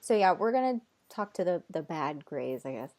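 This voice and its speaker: Nervous halting woman. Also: lowish voice, very animated, a little mellow. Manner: nervous, halting, with many fillers and restarts; relays an unseen being's words in her own voice. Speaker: channeler. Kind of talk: casual conversation.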